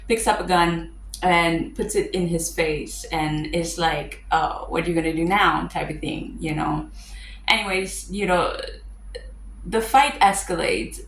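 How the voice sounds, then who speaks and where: A woman's voice: lowish voice, a little hiss or hum. Chatty woman reviewing a movie, roomy echo. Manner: chatty, with fillers and wry asides. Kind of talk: casual movie breakdown.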